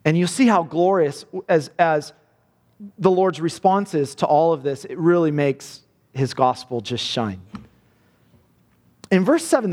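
A man's voice: a little high, darkish tone, long reverb tail. A man preaching a sermon, earnest, often repeating words as he builds a point.

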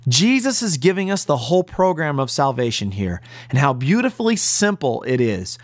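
A man preaching a sermon earnestly and emphatically, slowing down to stress key phrases. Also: a little high, big pitch swings, no room sound, studio quality. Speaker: pastor. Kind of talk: radio sermon.

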